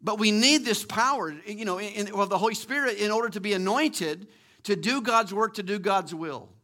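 A middle-aged man preaching in a high, bright voice. He leans hard on key words, repeats them, and slows down to drive a phrase home. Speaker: pastor. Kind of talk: sermon.

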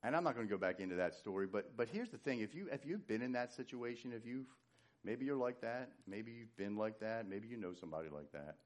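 A man preaching a sermon, animated, swinging from loud emphatic lines to hushed low ones. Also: brisk. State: winded. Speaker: pastor.

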